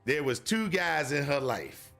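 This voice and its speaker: A man streaming a video game tells a long personal story in a loose, rambling way, repeating phrases and filling gaps with "you know." His voice is bright and forward, with faint game music underneath. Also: on the high side, sing-song, unhurried, gravelly. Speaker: gaming streamer. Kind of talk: casual storytelling while gaming.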